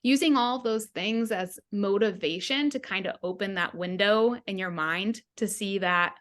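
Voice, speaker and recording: A woman's voice: mid-range voice, measured pace, few pauses, a bit bright. A woman health coach who is a guest on a podcast, talking in an earnest, reflective way and acting out her own past thoughts. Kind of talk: casual interview chat.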